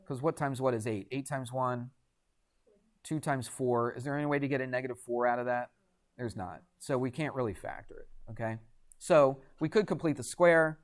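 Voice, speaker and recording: Guy teaching math in a classroom, chatty, keeps asking the class stuff, mid-pitched. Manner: chatty, asks the class frequent questions. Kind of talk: classroom lecture.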